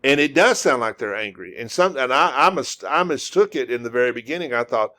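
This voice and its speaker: A man gives a relaxed spoken lesson in a middle-pitched voice, slowly drawing out and repeating single syllables. He pauses often with "uh" while he finds his words. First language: English. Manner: repetitive, drawn-out demonstrations of syllables with frequent fillers. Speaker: language teacher.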